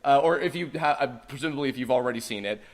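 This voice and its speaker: A man's voice: medium pitch, rapid-fire. A man hosting a podcast, telling a story casually with lots of swearing and acted-out quotes. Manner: animated, swearing, acts out quoted voices. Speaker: podcast host.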